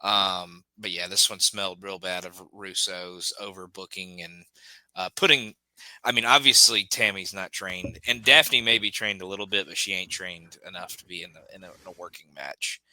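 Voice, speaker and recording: A man co-hosting a podcast, giving blunt opinions in a halting casual chat full of restarts. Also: low voice, sharp tone, no room sound, poor audio. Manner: hesitant, repeats words, blunt verdicts. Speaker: podcast co-host.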